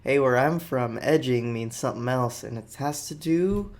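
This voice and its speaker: A male podcast host who reads out headlines and riffs on each one with offhand jokes. His delivery is loose and rambling, and his voice sits in an ordinary middle pitch. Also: moderate pace, a little mellow. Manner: jokey, rambling, offhand asides. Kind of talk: casual comedic news commentary.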